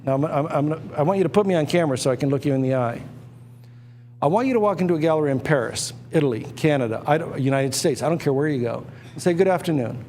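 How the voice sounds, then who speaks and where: A man running a live auction stream, pitching hard with emphatic, repetitive, excitable patter. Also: quick pace, long reverb tail, slight background noise.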